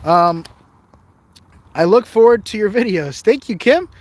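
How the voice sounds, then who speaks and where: A man's voice: high voice, expressive, unhurried, a little hiss or hum. Tired jokey man live-streaming outdoors. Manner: rambling, jokey, reads viewer comments aloud. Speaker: livestream host exploring outdoors. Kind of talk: casual live-stream chat. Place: outdoors on rough open ground. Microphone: phone camera held while walking.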